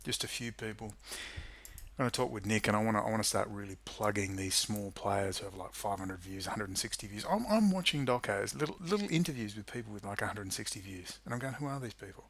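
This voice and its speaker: Man, fairly low voice, angry rant, sarcastic, swears a lot. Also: animated, fast talker, fairly bright tone. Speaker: political commentary youtuber. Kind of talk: ranting monologue to camera.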